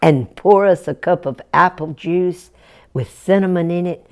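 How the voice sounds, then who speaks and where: A woman's voice: fairly low pitch, unhurried. A woman voicing Jack, a simple-hearted, polite farm boy in a told folktale, earnest and wide-eyed. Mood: eager.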